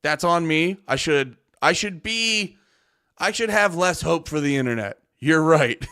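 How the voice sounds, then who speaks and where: A man's voice: a little high, animated, measured pace, pushed and bright, clean tone. A man streaming live, a comedian ranting at his chat in a profane, exasperated, argumentative way. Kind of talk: livestream rant at chat.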